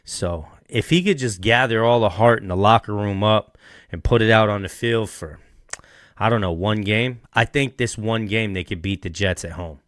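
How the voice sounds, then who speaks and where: A man with a lowish voice, recorded dry and close, makes his football pick with emphatic, repeated phrases. He is a casual podcast co-host. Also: normal speed, a bit bright, dry recording. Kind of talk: casual sports picks chat.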